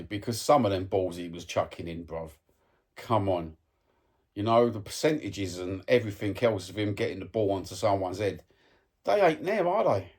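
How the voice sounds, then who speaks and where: A man's voice: fairly low pitch, a little mellow. A man giving a blunt, sweary, heated football match review as a fan vlogger.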